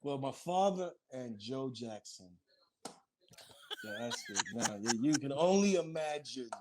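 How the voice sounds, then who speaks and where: Animated man telling stories. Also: unhurried, background noise. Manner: animated, acts out quotes in higher voices. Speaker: group member reminiscing. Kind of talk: casual storytelling.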